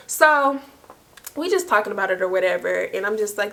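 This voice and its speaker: A young woman chats straight to her viewers in a relaxed, slangy way. She tells the story in an animated voice and laughs often. Her pitch sits in the middle range. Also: brisk, gravelly. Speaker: vlogger telling a story. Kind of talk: casual storytime chat.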